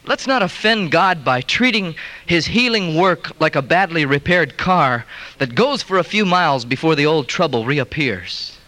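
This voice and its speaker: A male preacher tells stories and builds to emphatic points in a sermon. His voice sits high and rings bright and forceful. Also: expressive, normal speed.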